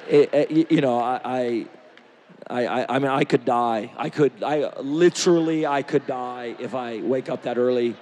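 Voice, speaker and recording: A man's voice: mid-range voice, a little mellow, slight background noise, voice pushed down, lightly acted. A man voicing a young man who stammers out whiny excuses about getting up early. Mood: whiny stammering. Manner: halting, stammering, mumbled excuses.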